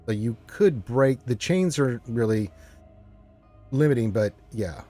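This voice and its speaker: A man's voice: medium pitch, expressive, a little slow, dark tone, soft background music. A man acting as dungeon master, explaining the rules at length with many ums and uhs. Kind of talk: narrating a tabletop game.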